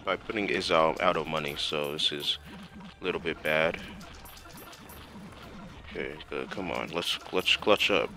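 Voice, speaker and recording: Young guy, deep voice but bright and forceful, rambling to himself while he plays, faint game music behind. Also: unhurried, vocal fry, pauses often. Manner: talks to himself while playing, slangy, with many fillers. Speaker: gameplay commentator. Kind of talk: casual gameplay commentary.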